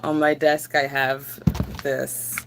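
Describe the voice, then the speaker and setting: A woman's voice: rumbling low, little pitch movement, slow, noisy background. A woman hosting a casual livestream, chatting to viewers while she crafts, giggly and chatty. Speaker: livestream host.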